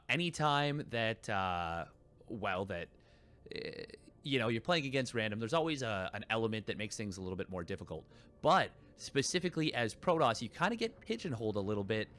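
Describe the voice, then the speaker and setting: A man's voice: fairly low pitch, fairly bright tone. A man casting a live esports match, rambling and correcting himself with lots of fillers. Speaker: esports caster. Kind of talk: live game commentary.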